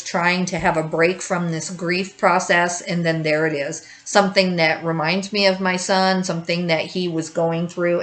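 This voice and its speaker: A woman's voice: fairly low pitch, fairly bright tone, rough recording. A woman in her fifties hosting a grief-support video, talking candidly to the camera and rambling in circles with frequent restarts. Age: 50s. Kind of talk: candid personal talk to camera.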